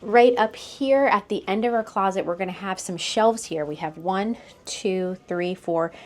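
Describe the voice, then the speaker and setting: A woman's voice: medium pitch, measured pace. A young American woman vlogger narrating a casual walkthrough of a cruise ship cabin, pointing things out and laughing lightly. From United States. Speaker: vlogger giving a room tour.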